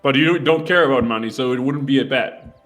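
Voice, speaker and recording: A man's voice: medium pitch, brisk, a bit bright, soft background music. Teasing, laughing man at the game table. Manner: laughing, teasing, swears casually. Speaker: player. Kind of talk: casual chat at a tabletop game.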